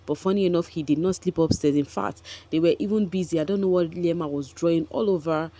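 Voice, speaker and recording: A woman's voice: on the low side, quick pace, warm tone. A woman, gossiping chattily about a reality show for her vlog viewers, with frequent asides to them. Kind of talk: casual commentary vlog.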